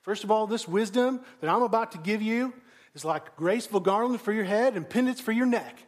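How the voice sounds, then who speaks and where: A man's voice: high voice, brisk. A man voicing a stern, earnest middle-aged father who gives his teenage son a grave, insistent lecture. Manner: solemn, insistent, repeats himself.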